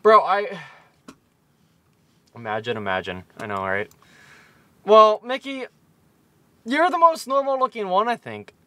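A man's voice: high voice, big pitch swings, unhurried, pauses often, sharp tone, no room sound. A man in his twenties chatting casually on a live stream, tipsy from shots, rambling and swearing constantly. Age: 20s.

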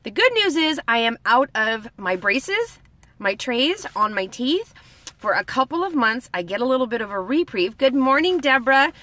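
Bright chatty woman with a slight lisp. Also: a little high, sing-song, normal speed. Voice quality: slight lisp from orthodontic bands. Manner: chatty, greets viewers by name, rambles. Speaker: word of the day host. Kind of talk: casual live video lesson.

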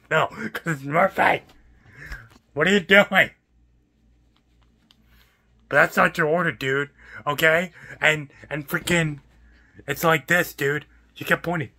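Young guy, fed-up ranting vlogger; husky, higher-pitched voice, lots of swearing and repeated questions. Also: unhurried, long pauses, pushed and bright. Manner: exasperated, profane, repetitive ranting. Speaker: fast food worker ranting. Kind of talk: vlog rant.

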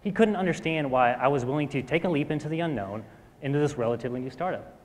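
Fast-talking man on stage in a hall. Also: mid-range voice. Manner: fast-talking, clears throat often. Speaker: speaker at a live talk event. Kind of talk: motivational stage talk. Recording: reverberant hall.

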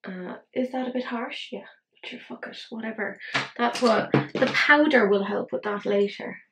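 A little high and creaky, this beauty vlogger's voice moves at normal speed on a low-quality recording with slight hiss or hum. In her thirties, she chats loosely through a makeup tutorial, cursing openly and narrating to herself.

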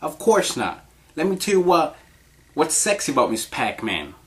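A man's voice: fairly high pitch, sing-song, moderate pace. A man giving casual countdown commentary in a crude, rambling, profanity-heavy way, often laughing.

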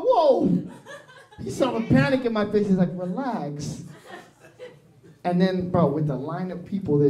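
A man's voice: high-pitched, darkish tone. A young man doing a brash, profane stand-up comedy set, dropping into Spanish. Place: small improv theatre stage. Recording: roomy live club recording with crowd.

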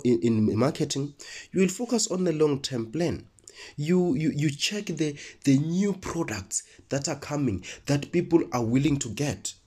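A man's voice: fairly high pitch, warm tone. A man teaching a lesson who asks questions and answers them himself, often repeating words while he thinks. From South Africa. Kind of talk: classroom lesson.

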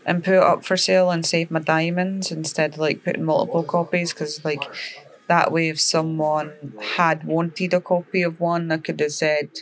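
A woman's voice: low-pitched, flat delivery, moderate pace, poor audio. A woman giving rambling, casual commentary over her Minecraft gameplay late at night, tired and full of fillers. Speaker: Minecraft server player and YouTuber.

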